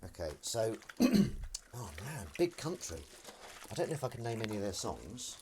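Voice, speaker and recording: Chatty man with a lively voice. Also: mid-range voice, moderate pace, slight background noise. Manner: chatty, self-deprecating, reading viewer comments aloud. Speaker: livestream host. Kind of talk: casual live-stream chat. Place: home kitchen, washing up.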